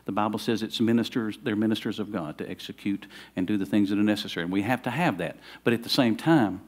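Pastor preaching with rising fervor. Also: male voice, fairly low pitch, fast talker. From Southern United States. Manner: conversational preaching, rising to fervent emphasis. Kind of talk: sermon.

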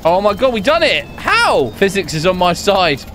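A young man giving jokey, excitable commentary over his own gameplay, laughing often. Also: sits high, moderate pace, soft background music. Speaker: gaming YouTuber.

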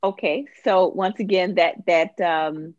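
Low-voiced woman doctor, halting. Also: a little mellow, no echo, muffled recording. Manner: halting, full of restarts and fillers. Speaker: obstetrician-gynecologist guest. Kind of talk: medical panel discussion.

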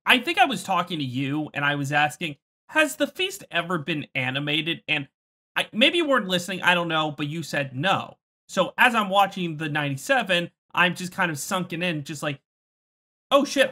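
A woman's voice: on the low side, bright, forceful tone. A woman co-hosting a podcast, speaking emphatically and swearing a lot in a casual chat. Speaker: podcast co-host.

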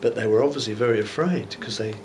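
A man's voice: medium pitch, fast talker, darkish tone, a little hiss or hum. A man, a bishop, preaching an informal Bible teaching sermon in a church, musing aloud with conversational rhetorical asides.

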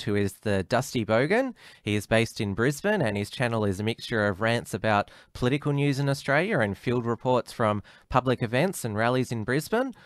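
A man's voice: medium pitch, no room sound, clean studio sound. A man hosting an interview show, asking questions hesitantly with many uhs. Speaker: podcast host.

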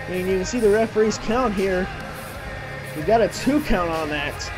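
A man doing play-by-play wrestling commentary, excitable and bursting into shouts at the big moments. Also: high-pitched, moderate pace. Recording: clear music playing behind. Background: music.

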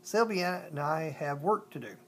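A storyteller voicing a playful old male artist who talks loudly and kindly. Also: mid-range voice, moderate pace, a little hiss or hum, close to an everyday voice. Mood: jolly.

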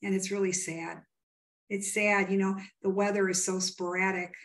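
A woman's voice: mid-range voice, little pitch movement, normal speed. Earnest rambling woman storyteller. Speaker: psychic medium. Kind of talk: interview guest telling stories.

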